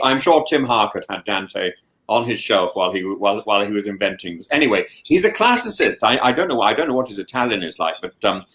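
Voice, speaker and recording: Stammering, lively-voiced male host. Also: lowish voice, poor audio. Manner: stammering, repeats words, animated asides. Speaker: podcast host, professor. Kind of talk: casual chat. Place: home in lockdown.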